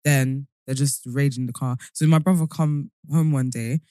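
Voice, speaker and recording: A woman's voice: rumbling low, moderate pace, no echo, clean studio sound. A woman co-hosting a podcast, telling stories in casual chat and laughing often. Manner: laughs often, animated storyteller. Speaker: podcast co-host.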